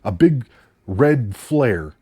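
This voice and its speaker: A man's voice: mid-range voice, expressive, very slow, mellow, slightly rough. A man reviewing a movie in a casual, incredulous rant, swearing casually.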